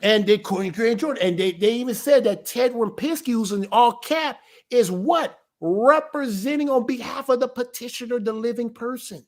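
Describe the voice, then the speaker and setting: A man with a notably high speaking voice talks straight to his viewers in a loose, informal teaching style. He is an elder of a small ministry and speaks emphatically. He keeps asking a question and then answering it himself. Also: normal speed.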